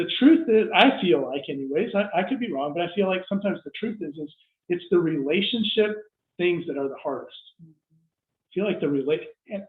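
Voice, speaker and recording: A middle-aged man preaching a sermon in a conversational way, stopping himself mid-sentence and acting out people's reactions. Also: a little high. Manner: conversational, self-interrupting, acts out quoted reactions. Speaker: pastor. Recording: echoey room over a tinny phone-like line.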